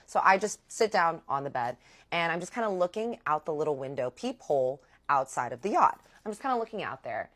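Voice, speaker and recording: A young woman telling a personal story to viewers in a chatty, animated way. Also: deep voice, brisk. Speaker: vlogger. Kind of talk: storytime vlog.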